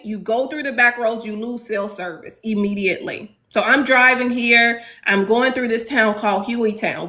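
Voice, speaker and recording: A woman from Chicago's South Side in her thirties, earnestly telling a class a personal story and pausing on rhetorical questions. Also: mid-range voice, pushed and bright. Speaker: teacher leading a class discussion.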